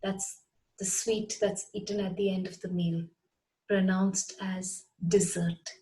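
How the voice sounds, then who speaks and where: A woman gives a scripted lesson to her channel's viewers. She talks at an unhurried pace and spells words out letter by letter. Her pitch sits in a middle range. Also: level tone, warm tone, rough recording. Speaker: English teacher.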